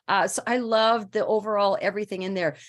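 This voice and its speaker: A woman judge gives live feedback to a contestant in a chatty, encouraging way. Her voice is mid-pitched and ordinary, with some hesitations. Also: steady tone, a little fast. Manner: encouraging, chatty critique with fillers. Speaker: judge on a voice-over competition.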